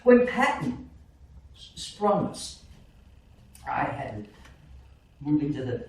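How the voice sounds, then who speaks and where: An actor on stage playing an aging war veteran grandfather who tells his story haltingly, stumbling and repeating words. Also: a little high, very animated. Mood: reminiscing. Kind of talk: live stage monologue. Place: small theater stage. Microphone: far room camera. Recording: echoey theater from far off, faint hiss.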